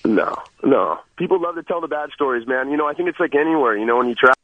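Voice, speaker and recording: Relaxed guy calling in on a phone, quick talker, thin phone-line sound. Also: medium pitch, a crowd in the background. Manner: laid-back, says "man" a lot. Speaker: phone-in guest, film actor. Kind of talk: casual interview over the phone. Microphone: telephone.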